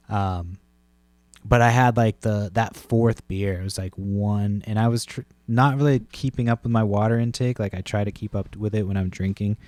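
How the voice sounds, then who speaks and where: A man's voice: lowish voice, fairly even intonation, normal speed, a little mellow, no room sound. A man in his thirties from Massachusetts with a chest cold, hosting a podcast and telling a rambling, profane story in casual chat. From Massachusetts, USA. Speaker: podcast host.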